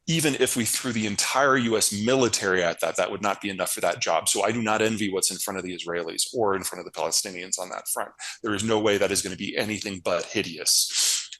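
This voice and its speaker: A man with a fairly low voice, speaking plainly and bluntly as an interview guest. He leans on repetition for emphasis, stacking phrase after phrase to drive a point home. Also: quick pace, bright, forceful tone, poor audio. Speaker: guest analyst. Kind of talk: interview answers, casual explanation.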